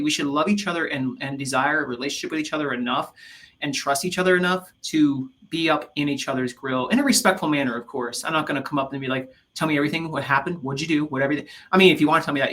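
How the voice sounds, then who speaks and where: A man co-hosting a casual faith-based podcast chat, telling animated stories with many restarts. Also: mid-range voice. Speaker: podcast co-host.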